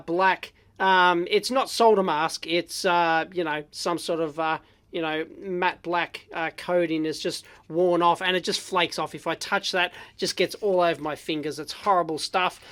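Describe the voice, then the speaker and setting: An Australian woman hosting an electronics vlog, giving blunt, excitable, unscripted commentary with frequent exclamations and fillers. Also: lowish voice. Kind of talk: casual unscripted teardown commentary.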